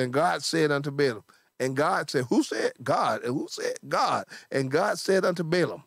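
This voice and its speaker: A pastor preaching a sermon with fervent, repetitive emphasis, in speech. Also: male voice, on the high side, dry recording, clean studio sound.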